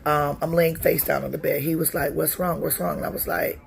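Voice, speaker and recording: A woman in her forties giving a personal testimony, telling her story in a halting way with many pauses and restarts. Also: sits low, steady tone, creaky.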